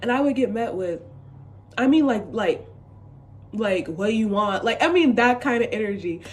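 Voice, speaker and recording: A young woman from the United States talking casually to camera, chatty and expressive with sassy asides and lots of fillers. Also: on the high side, normal speed. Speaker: vlogger.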